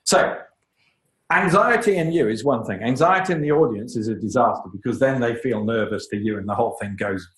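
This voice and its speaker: A man giving a lively, emphatic lecture on public speaking, with joking asides to the audience. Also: mid-range voice, brisk, roomy sound, low-quality recording. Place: lecture room.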